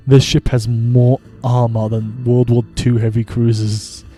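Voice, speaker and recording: A man streaming a naval strategy game, talking slowly in a mellow, relaxed voice. His commentary is wry and amused, broken up by frequent chuckles, with faint music underneath. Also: medium pitch, husky. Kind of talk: casual gameplay commentary.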